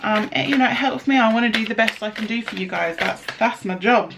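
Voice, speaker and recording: Casting: young woman, tarot reader, slightly high voice, rambling chatty delivery. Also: brisk, gravelly, noisy background. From United Kingdom. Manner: chatty, rambling, many fillers and restarts. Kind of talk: casual tarot reading to camera.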